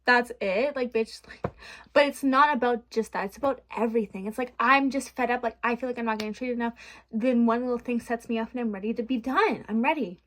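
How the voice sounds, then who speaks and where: A woman's voice: fairly high pitch, steady tone, brisk, a little hiss or hum. A young adult woman vlogging from her bedroom, rambling frankly and venting with swearing in a casual chat.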